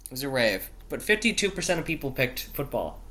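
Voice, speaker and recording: Profane, exasperated man with a bright voice. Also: mid-range voice, very animated, fairly quick. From not British. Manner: profane, exasperated, self-interrupting; stumbles over place names. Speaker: show host. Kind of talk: casual solo commentary reading news quiz aloud.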